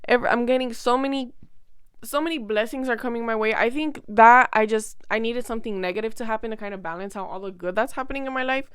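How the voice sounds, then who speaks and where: A woman's voice: a little high, fast talker, a bit bright, clean tone, no room sound, studio quality. A young woman vlogger talking casually to camera, rambling emotionally through a personal story with many fillers and restarts.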